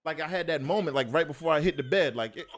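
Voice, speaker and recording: A man's voice: fairly high pitch, fast talker. A man co-hosting a podcast, telling casual stories and acting out the voices of the people in them. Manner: animated, acts out quotes. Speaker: podcast co-host. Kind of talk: casual storytelling chat. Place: podcast studio.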